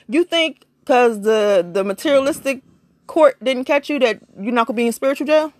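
Blunt preachy woman with a higher voice. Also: moderate pace, no echo, clean studio sound. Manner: blunt, preachy, swears freely, asks rhetorical questions; animated, big jumps in pitch. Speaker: vlogger giving spiritual advice. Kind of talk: casual spiritual monologue.

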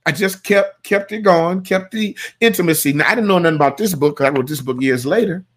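A male pastor delivers a sermon in a homey, repetitive, chatty style, his voice on the higher side and a little quick. He shifts between hushed asides and loud, shouted lines, and laughs at his own jokes.

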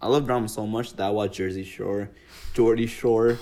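A young man co-hosting a podcast in casual chat, relaxed and teasing, rambling through stories. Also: lowish voice, moderate pace. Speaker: podcast co-host.

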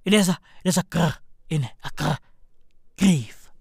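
A woman from Africa hosting a podcast in a profane comedic rant, slangy and excitable, swearing and laughing often, jumping from loud highs to low mutters. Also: fast talker, very noisy. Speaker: podcast host.

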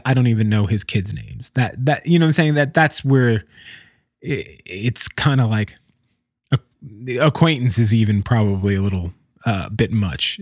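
A man talking casually about someone he knows from the music scene, halting and repeating words as he goes. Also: mid-range voice, dry recording, clean studio sound. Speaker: musician commenting on scene news. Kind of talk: casual spoken commentary.

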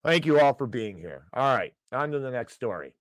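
A man's voice: medium pitch, very animated, moderate pace, noisy background. A man hosting an opinionated financial news show, reading headlines aloud and ranting sarcastically about them. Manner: ranting, sarcastic, rises loud when angry.

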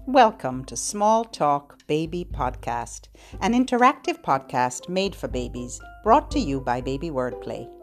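A middle-aged woman, a children's librarian, hosting a podcast for babies with slow, gentle talk and sing-song children's songs. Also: deep voice, sing-song, soft background music. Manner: gentle, slow and sing-songy, switching between spoken tips and children's songs.

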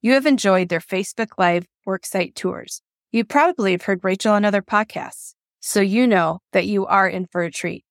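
A woman hosting a podcast, reading a measured introduction and then chatting with her guest. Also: mid-range voice, dry recording, studio quality. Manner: reads a steady, measured introduction. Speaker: podcast host. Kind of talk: scripted introduction and casual interview.

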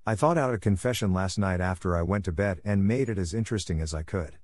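A dramatic, wide-eyed orphan girl, read by a man, gushing and theatrical about every little thing. The voice stays low, with a dry, close storybook sound. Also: fast, darkish tone, no room sound. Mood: weary. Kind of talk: audiobook character reading.

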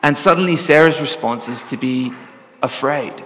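A man's voice: medium pitch, normal speed, a bit bright, big-room sound. A man preaching a sermon in an earnest, conversational teaching manner with frequent ums.

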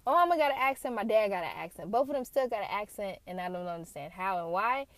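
A woman from the United States tells stories from her own life in a loose, candid vlog style. She swears casually and keeps up a chatty flow. Her voice sits at a middle pitch, and the sound is dry and close, as if she were recording from a car. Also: animated, fast talker, dry recording. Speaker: vlogger telling personal stories. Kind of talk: casual storytelling.

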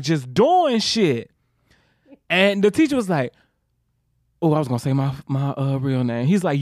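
A man co-hosting a podcast, telling animated stories in casual chat, swearing freely and jumping his voice up when he acts out scenes. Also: fairly high pitch, no room sound, clean studio sound. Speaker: podcast co-host.

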